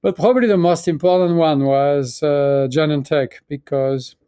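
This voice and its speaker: A man in his sixties with a French accent tells his story in a reflective, halting way, stopping and restarting his sentences. His voice sits a little high for a man. The sound is close and dry, with no room around it. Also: warm tone, clean tone, dry recording. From France. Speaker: guest, pharmaceutical chief executive. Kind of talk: conversational interview.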